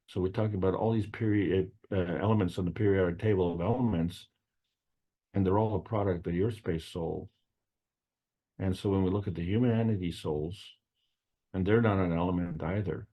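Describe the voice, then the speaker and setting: A man lectures on spiritual ideas in a loose, meandering way, circling back and repeating himself as he poses questions to the listener. His voice sits very low and sounds husky and mellow. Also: fairly even intonation, moderate pace.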